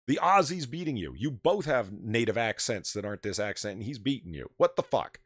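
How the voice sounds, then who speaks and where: A man's voice: mid-range voice, expressive, brisk, no room sound, clean studio sound. A man hosting a casual livestream chat, ranting animatedly and swearing freely into his desk microphone. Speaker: podcast host.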